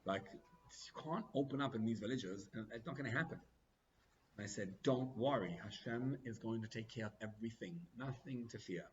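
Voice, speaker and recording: A man's voice: normal speed, muffled recording, a little hiss or hum. A man who is a rabbi, telling a story in a sermon and acting out the dialogue with big swings in his voice. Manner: animated, acts out dialogue with big pitch swings.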